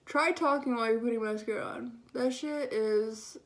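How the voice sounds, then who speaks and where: A woman's voice: a little high, normal speed. A young woman chatting casually as she does her makeup, sassy and sarcastic, swearing freely. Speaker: beauty vlogger. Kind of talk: casual get-ready-with-me chat.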